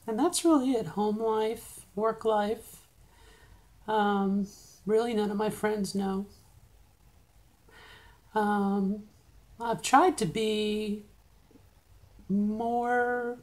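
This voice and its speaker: A middle-aged woman talking in a casual video diary, halting and full of fillers as she speaks in a deliberately higher register. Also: a little mellow, low-quality recording. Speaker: video diarist.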